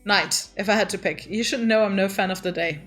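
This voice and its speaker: A woman's voice: medium pitch, a little fast, a bit bright, soft background music, natural voice. A woman reading the text chat of an aloof, grumpy male Grim Reaper in a dating game, in a dry, curt manner. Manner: dry, curt, flustered when teased.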